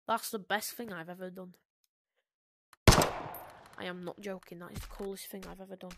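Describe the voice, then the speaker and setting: A woman playing a shooting game and commenting, excitable, joking at herself and often shouting. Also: lowish voice, moderate pace, long pauses, very noisy. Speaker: gameplay video host. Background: loud game music.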